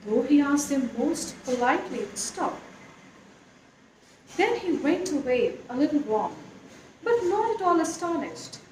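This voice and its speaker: A woman reading a classic animal story aloud, with an expressive, lilting storyteller's manner. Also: high-pitched. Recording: echoey room, faint noise.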